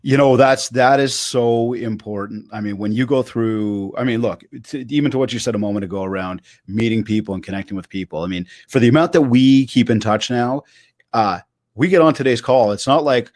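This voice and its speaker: A Canadian keynote speaker, appearing as a guest on a video call, tells anecdotes with energy in a casual interview chat, acting out the quotes. His voice is medium-pitched and fairly quick, recorded in studio quality with no room sound.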